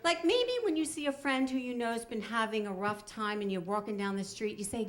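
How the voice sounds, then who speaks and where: A middle-aged woman telling a personal story on stage before an audience, wry and animated, slowing down to land each punchline. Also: high-pitched. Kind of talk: live storytelling performance.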